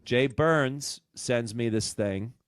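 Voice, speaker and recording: Animated New England man telling stories. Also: medium pitch, slow pace, no room sound, clean studio sound. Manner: animated, profane, self-mocking storyteller. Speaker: comedian telling a story on a podcast. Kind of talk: casual storytelling chat.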